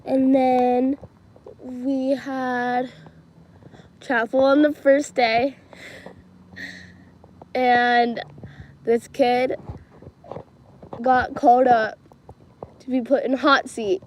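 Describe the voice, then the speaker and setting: Slow-talking chatty teen girl. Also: high voice, flat delivery, a little hiss or hum, rough recording. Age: teens. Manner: chatty, giggly, many fillers like "like" and "um". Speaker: livestreamer. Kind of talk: casual livestream storytelling.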